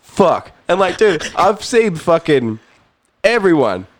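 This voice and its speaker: Young kiwi dude, swears a lot, laughs through his story, excited. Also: high voice, slow, dry recording. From New Zealand. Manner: animated, laughing, swears often. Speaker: podcast guest, musician. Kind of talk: casual storytelling chat.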